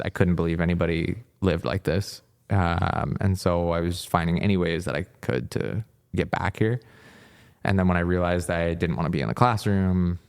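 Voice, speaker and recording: A man's voice: deep voice, creaky, smooth. A man in his thirties from Virginia, a former hockey coach, telling stories as a podcast guest and acting out the people he quotes. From Virginia, United States. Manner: lively storyteller who acts out quoted people. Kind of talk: casual interview storytelling.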